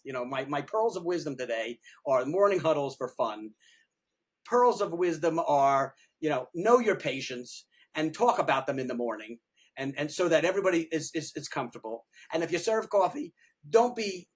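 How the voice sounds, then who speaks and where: An older man, a retired dentist, talking casually in an interview, rambling and animated, often repeating words and restarting. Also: a little high, breathy edge. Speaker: retired pediatric dentist, podcast guest.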